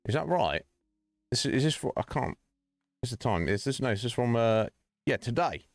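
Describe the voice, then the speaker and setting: A man's voice: medium pitch, big pitch swings, moderate pace, dry recording, clean studio sound, soft background music. A man streaming and chatting casually with his viewers, rambling, joking and laughing often.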